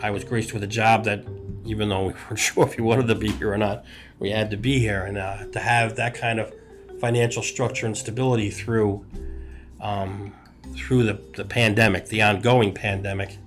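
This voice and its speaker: A middle-aged hospital executive speaks earnestly and at a measured pace about balance on a podcast, building his points in short listed phrases. His voice is on the low side with a level tone, and soft background music plays under this reflective podcast talk.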